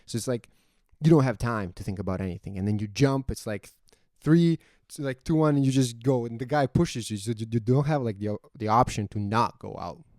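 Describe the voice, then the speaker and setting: A man hosting his own podcast, telling a personal story in a casual, animated way with lots of swearing and acted-out inner dialogue. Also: lowish voice, brisk, no room sound, studio quality. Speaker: podcast host.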